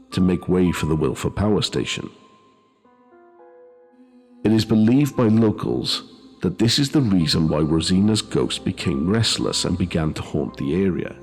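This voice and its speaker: A man narrating a scripted ghost story in a measured way, with dry asides. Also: low voice. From Wales. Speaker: host and narrator.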